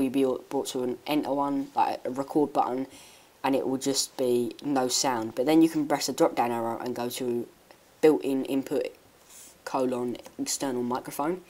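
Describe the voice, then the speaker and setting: A woman giving a rambling, hesitant software tutorial with many restarts. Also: extremely low pitch. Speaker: tech YouTuber. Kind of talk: screen-recording software tutorial.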